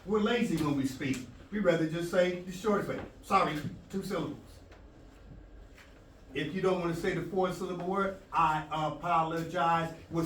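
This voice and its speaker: Emphatic male teacher in an echoey room. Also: high voice. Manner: emphatic, plays out quoted exchanges, plays with rhymes. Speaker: language arts teacher. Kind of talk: motivational talk to students. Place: school presentation room. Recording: echoey room from far off, with noise.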